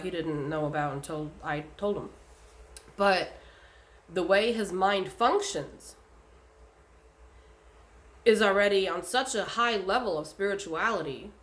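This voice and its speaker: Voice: mid-range voice, fairly bright tone. A speaker talking casually and bluntly, giving spiritual advice in a vlog, swearing often and using lots of fillers.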